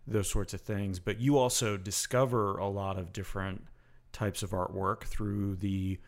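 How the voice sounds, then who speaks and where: A man co-hosting a podcast, chatting casually, joking and thinking aloud with pauses. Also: on the low side, flat delivery. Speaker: podcast co-host. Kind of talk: casual chat.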